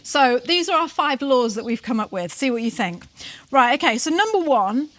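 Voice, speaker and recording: A woman's voice: sits high, big pitch swings, normal speed, fairly bright tone. A woman co-hosting a vlog in casual chat, teasing and laughing often as she talks, seated outdoors. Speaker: vlog co-host. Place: sitting outdoors.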